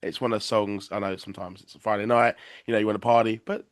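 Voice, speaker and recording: Host, deep boomy voice, a touch croaky, quick talker, dry close mic. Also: male voice, flat delivery, no room sound. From England. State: a bit croaky. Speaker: podcast host. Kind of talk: casual interview chat.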